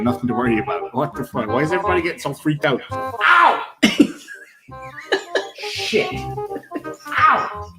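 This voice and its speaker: A man's voice: medium pitch, low-quality recording. A man rambling and giggling in an old casual vlog clip, joking crudely. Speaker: video creator in an old clip.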